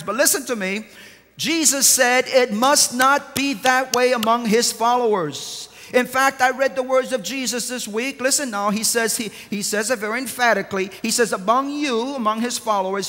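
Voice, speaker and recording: Male pastor with a high voice, preaching from a reverberant sanctuary, moving from quiet to forceful. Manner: preaching with sweeping swings from hushed to emphatic. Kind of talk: sermon. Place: large church sanctuary. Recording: long church reverb.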